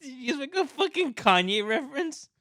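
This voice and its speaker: A man's voice: extremely high pitch, very animated, a little fast, pushed and bright. A man co-hosting a comedy podcast, trading crude, teasing banter with frequent swearing. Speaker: podcast co-host. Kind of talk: casual comedic chat.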